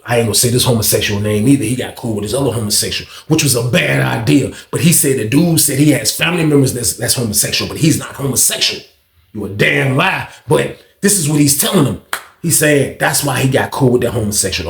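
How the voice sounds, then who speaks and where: A young man telling a casual story in an animated, profane, rambling way, heard in a roomy echo. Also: medium pitch, fairly quick, creaky. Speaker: storytime vlogger.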